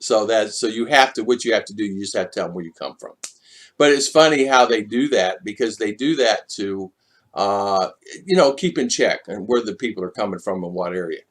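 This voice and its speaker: A man hosting a casual live stream, chatting with viewers and greeting them by name. He is animated and chuckles often. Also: fairly low pitch, a little fast. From United States.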